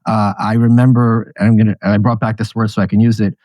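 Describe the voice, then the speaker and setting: A man appearing as a guest on a podcast, telling anecdotes in an animated, casual way. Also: fairly low pitch, fast talker, no echo. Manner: animated storyteller, laughing at his own anecdotes. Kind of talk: casual interview conversation.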